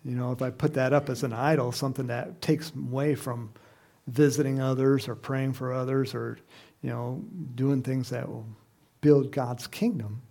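Gravelly-voiced man preaching a lively sermon. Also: mid-range voice. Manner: lively, acts out quoted voices with sudden loud cries and laughs. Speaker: pastor.

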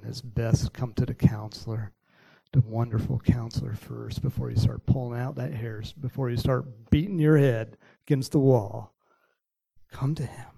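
Gravelly-voiced pastor telling a lively Bible story. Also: male voice, mid-range voice, no room sound, poor audio. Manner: animated storytelling, voices characters; prays softly, sometimes in a whisper. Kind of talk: sermon with acted-out Bible story.

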